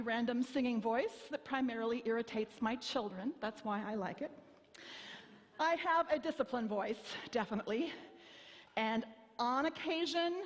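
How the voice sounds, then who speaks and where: A woman pastor in her fifties preaching a sermon, telling stories in a wry, self-mocking way and acting out voices. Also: fairly high pitch. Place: church sanctuary. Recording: long hall reverb.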